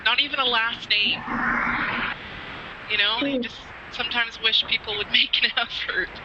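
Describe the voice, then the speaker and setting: A woman's voice: fairly high pitch, fairly even intonation, moderate pace, muffled recording, background noise. A woman chatting bluntly in a group video call. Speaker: hangout participant. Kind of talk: casual group video chat.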